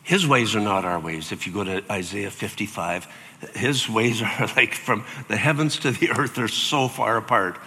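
Older male pastor preaching in a reverberant hall. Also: moderate pace. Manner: animated, acts out quoted voices with big jumps in pitch. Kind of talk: sermon.

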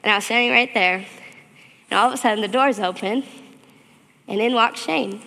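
A woman giving an earnest, animated personal testimony as a church speaker, recorded in a church hall. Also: fairly high pitch, normal speed, vocal fry. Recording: long reverb of a church hall.

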